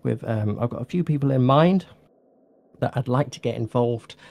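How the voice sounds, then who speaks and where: A man's voice: mid-range voice, normal speed, darkish tone. A man hosting a casual hobby podcast, rambling and correcting himself as he thanks his guest. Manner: rambling, self-correcting, jokey. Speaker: podcast host. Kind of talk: casual chat.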